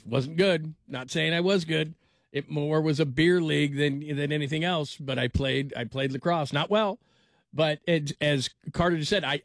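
A man's voice: medium pitch, no room sound, clean studio sound. A man hosting a sports talk radio show, rambling and joking with many restarts. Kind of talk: casual talk radio chat.

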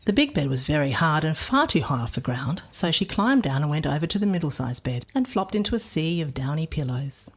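Husky woman reading a storybook. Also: low-pitched, fairly quick, few pauses. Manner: expressive, playful. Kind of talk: storybook narration.

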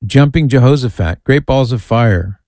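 A man's voice: mid-range voice, animated, moderate pace, darkish tone, no room sound. A man hosting a call-in radio talk show, chatty and amused as he reads listener emails aloud. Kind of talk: casual call-in radio chat.

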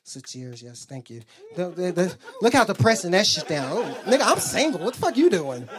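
Stand-up comic, young man, lively profane storyteller, swings his pitch up and down. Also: moderate pace. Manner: profane, storytelling, acts out quotes, audience laughs. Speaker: stand-up comedian. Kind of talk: stand-up routine.

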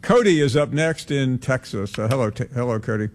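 A man hosting a sports call-in radio show, answering callers in a measured, hedging way with many "uh"s. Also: medium pitch, slight background noise.

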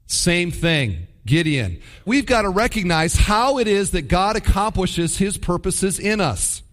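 A man preaching a sermon. He is animated and acts out the voices of the people he quotes. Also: sits high, a little slow. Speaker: pastor.

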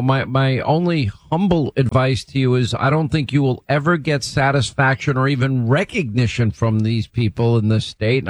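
An emphatic male radio host with a brisk delivery. His voice sits in a middle register. It sounds close and dry, with no room around it. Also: medium pitch, no echo, low-quality recording. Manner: brisk, emphatic, reads quotes aloud. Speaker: radio talk show host. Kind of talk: radio talk show interview.

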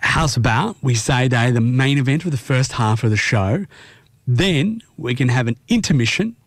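Put-upon co-host, mid pitch, dry close sound. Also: male voice, animated, normal speed, no room sound. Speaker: podcast co-host. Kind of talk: comedy podcast banter.

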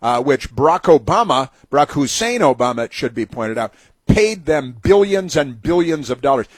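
A man hosting a talk show delivers a sarcastic, indignant monologue. His voice is husky and the sound is dry and close. He stops and restarts often, with many fillers. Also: fairly high pitch, very animated, normal speed, no echo. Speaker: radio talk host. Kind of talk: opinionated talk radio monologue.

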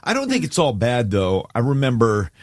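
A man's voice: mid-range voice, wildly swooping pitch, normal speed, dry recording. A man on a morning talk show, telling a heartfelt story in casual chat and choking up with tears as he goes. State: tearful. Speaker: radio show co-host.

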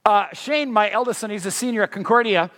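A middle-aged man preaching to a congregation in a high, light voice. He keeps it conversational and often throws questions out to the listeners, and a long hall reverb trails every word. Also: fairly quick, a bit bright. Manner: conversational, asks the audience questions. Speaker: pastor. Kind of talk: sermon.

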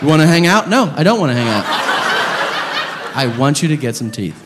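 A man telling a profane stand-up story, with loud outbursts when he acts out the people in it. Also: a little high, big pitch swings, a little fast. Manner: profane storytelling, acting out shouted characters. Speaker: stand-up comedian. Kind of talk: stand-up comedy set. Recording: live club, long reverb and room noise. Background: audience laughter.

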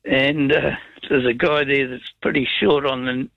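A man's voice: medium pitch, level tone, a little slow, no room sound, lo-fi sound. A man with a New Zealand accent calling into a talkback radio show, telling rambling yarns full of folksy slang. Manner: rambling storyteller, folksy slang, chuckles often. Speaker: caller. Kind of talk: casual talkback radio chat.

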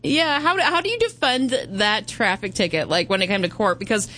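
A middle-aged woman co-hosting a show, chatting in an intense, expressive way. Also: medium pitch, moderate pace, a little hiss or hum. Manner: intense, expressive, laughs often. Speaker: radio co-host. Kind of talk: casual radio chat.

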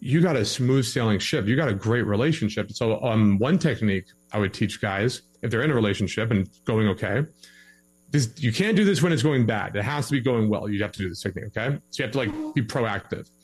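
Animated man giving relationship advice. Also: fairly low pitch, brisk, slightly rough. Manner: animated, acts out both sides of arguments. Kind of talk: casual podcast conversation.

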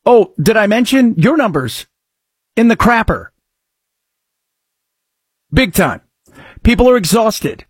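A middle-aged man hosting a talk show, speaking sarcastically and breaking into mock shouts. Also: sits high, very animated, slow pace, pauses often, slightly rough, no room sound, clean studio sound. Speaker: radio talk show host. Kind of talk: sarcastic political talk commentary.

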